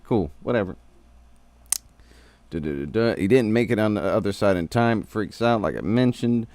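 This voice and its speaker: A man's voice: lowish voice, fairly quick, darkish tone, no room sound. A man streaming a casual, rambling recap of a cartoon episode, full of slang and swearing.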